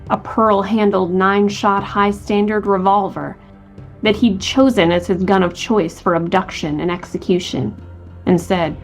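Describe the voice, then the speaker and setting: A woman co-hosting a podcast, reading a true crime story from a script and voicing quotes from the people in it. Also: medium pitch. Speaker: podcast co-host.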